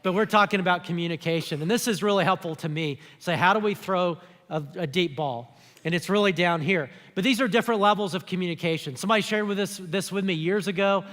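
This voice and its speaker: A man's voice: high-pitched, fast, fairly bright tone, in a large hall. A man preaching a sermon as pastor, speaking conversationally and acting out the lines he quotes. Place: church auditorium.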